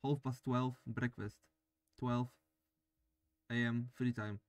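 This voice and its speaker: This let's-play clip has a man reading a video game's text out loud, tossing in jokes to himself as he goes. He speaks slowly in a level, medium-pitched voice, with no echo on the recording.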